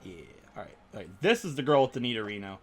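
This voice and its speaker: A man hosting a let's play, rambling and joking excitedly over his game. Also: mid-range voice, rapid-fire, soft background music. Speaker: gaming channel host.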